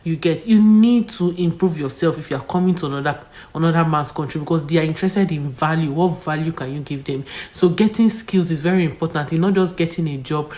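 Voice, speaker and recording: A woman's voice: sits low, a little fast, hardly any pauses, warm tone. A woman vlogger giving firm, lecturing advice to her viewers. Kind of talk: advice monologue to camera.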